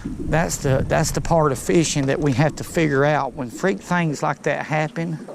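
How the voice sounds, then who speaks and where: A man narrating his fishing trip from a boat on a river, excitable and talking straight to his viewers. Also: on the high side, moderate pace, gravelly, background noise. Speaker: fishing vlogger. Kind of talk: casual narration while fishing.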